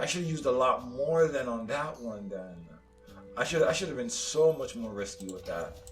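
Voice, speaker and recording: A man's voice: mid-range voice, animated, measured pace. A young man casually commenting on his own gameplay, rambling with lots of "like" and "dude" and stammered repeats. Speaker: gaming YouTuber. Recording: roomy, slightly distant mic with faint game music.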